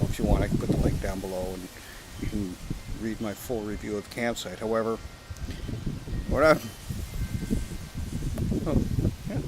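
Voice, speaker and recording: A man from Canada chatting casually outdoors at a campsite, rambling and joking with some profanity. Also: on the low side. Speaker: pipe-smoking vlogger. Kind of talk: casual outdoor vlog chat. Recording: outdoor recording with clear wind and background noise.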